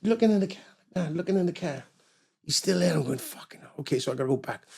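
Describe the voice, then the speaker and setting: A middle-aged man telling a story with a high, gravelly voice that swoops all over the place. He swears freely and acts out the voices of the people he quotes in a loose, casual chat. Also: lively intonation, quick pace, darkish tone, a little hiss or hum. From Wales. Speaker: guest musician.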